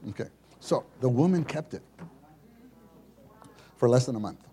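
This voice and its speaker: A man telling a personal story at a church meeting, animated and acting out the people in it. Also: mid-range voice, moderate pace, heavy background noise. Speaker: speaker sharing a testimony at a church meeting.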